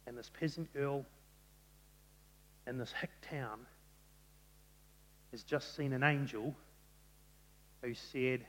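A man preaching a sermon, telling the story in an animated way and acting out the quotes. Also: mid-range voice, takes it slowly, pauses often. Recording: long reverb of a large hall.

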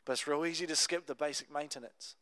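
A young adult man preaching a sermon, telling a Bible story in a conversational, animated way with casual asides. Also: fairly high pitch, fast, clear, resonant tone, dry recording. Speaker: pastor.

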